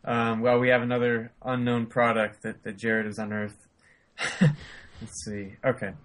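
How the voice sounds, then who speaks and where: A man co-hosting a podcast who chats easily, laughs often and reads a long message aloud at a steady pace. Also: mid-range voice, measured pace, low-quality recording. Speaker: podcast co-host. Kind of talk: casual chat and reading aloud.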